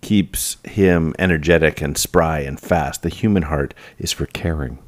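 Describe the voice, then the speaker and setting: Brief: very deep male podcast co-host, dry wisecracks. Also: a little slow, no echo. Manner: dry quips, corrects his partner. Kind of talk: casual chat.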